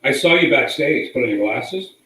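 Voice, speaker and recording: A man's voice: mid-range voice, expressive, normal speed, sharp tone. A man co-hosting a live talk show, bantering with jokes and teasing. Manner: teasing, jokey. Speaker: co-host, magazine publisher. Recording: roomy echo.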